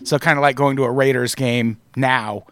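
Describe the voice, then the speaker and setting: A man's voice: medium pitch, steady tone, moderate pace, fairly bright tone, no echo. A man hosting a podcast in casual chat, wry and profane with a sarcastic edge, on a close microphone. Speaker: podcast host.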